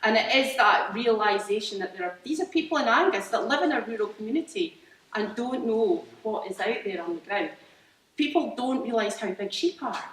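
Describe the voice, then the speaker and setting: Speaking to an audience about her farm business, this Scottish farmer is animated and talkative, restarting often and using lots of fillers. Her voice is on the high side and fairly bright at a moderate pace; the mic sits far off in a reverberant hall.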